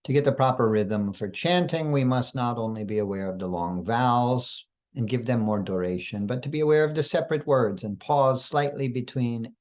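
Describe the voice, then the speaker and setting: A man's voice: mid-range voice, darkish tone. Man teaching careful pronunciation. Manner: slow, careful, deliberate explanation; occasional throat clearing and fillers. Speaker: spiritual teacher. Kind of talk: instructional talk with chanting.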